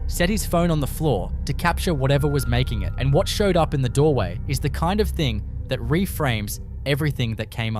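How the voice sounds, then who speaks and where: A man giving measured, suspenseful scripted narration for a horror compilation. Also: medium pitch.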